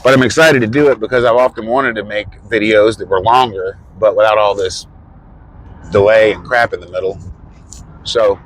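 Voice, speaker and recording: A man's voice: lowish voice, steady tone, normal speed, slight background noise, poor audio. A man vlogging casually, rambling through personal stories with frequent swearing and laughter. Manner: rambling, profane, laughs often. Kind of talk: casual storytelling.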